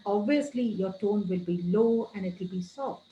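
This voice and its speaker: A woman trainer giving a training lecture, calling her listeners friends and slowing down to stress key words. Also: mid-range voice, a little mellow, reverberant, a little hiss or hum, poor audio. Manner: addresses listeners as friends, gives tips.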